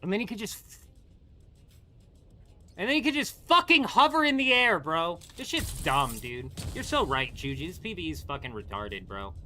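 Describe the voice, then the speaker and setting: A man's voice: high voice, sing-song, moderate pace, pushed and bright, slight background noise. A young man streaming a game live, ranting and swearing at its combat mechanics. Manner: frustrated, profane, ranting. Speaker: gaming streamer. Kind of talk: live gameplay commentary.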